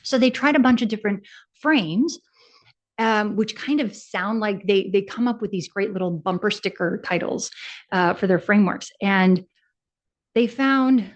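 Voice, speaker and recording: A woman's voice: mid-range voice, measured pace. Woman in her 40s doing a conference talk, chatty, asks the room stuff, kinda muffled lo-fi audio. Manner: conversational, asks the audience questions. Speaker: TB advocate presenter. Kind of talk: conference presentation. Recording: dull lo-fi sound.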